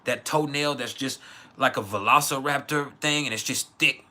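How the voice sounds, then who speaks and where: A man's voice: medium pitch, normal speed, bright, forceful tone. A man from West Texas, hosting a casual livestream and giving blunt, profane opinions while answering chat. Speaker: livestream host.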